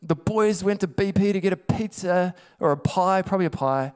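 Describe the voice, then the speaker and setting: A man's voice: sits high, normal speed, darkish tone, smooth, close to an everyday voice. A man putting on the voice of a weary, exasperated Jesus who grumbles sarcastically about his followers.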